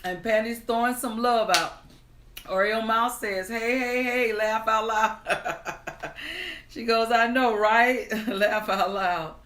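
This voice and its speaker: A woman hosting a live stream, greeting viewers, reading their comments aloud in an unhurried, friendly way, then starting a storybook tale. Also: fairly high pitch, fairly bright tone, reverberant. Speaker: livestream storyteller host.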